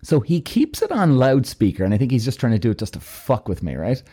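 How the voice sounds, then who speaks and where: An Irish man telling a personal story in a loose, swearing, animated way, acting out both sides of each conversation. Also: mid-range voice, fairly quick, breathy edge. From Ireland. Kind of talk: casual storytelling.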